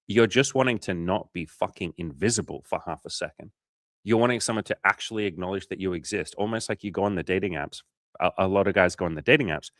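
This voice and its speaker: Aussie dating coach guy on a livestream, low voice, swears a lot, dry close sound. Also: fast talker, a bit bright, dry recording. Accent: Australian. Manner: casual, swears often, acts out little scenes. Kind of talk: casual livestream coaching chat.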